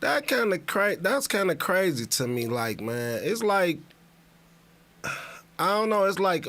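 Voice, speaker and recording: Slow laid-back dude on a podcast, rambling, swears a lot. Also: male voice, on the high side, a bit bright. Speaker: podcast co-host. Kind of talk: casual podcast chat.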